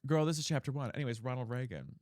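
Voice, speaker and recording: A young man chatting on a live stream, answering chat and breaking down how to speak from the diaphragm. His voice sits at an ordinary middle pitch. The sound is dry and close, with no room echo. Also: expressive, fast talker, a little mellow. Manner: chatty, reads chat aloud and explains vocal technique.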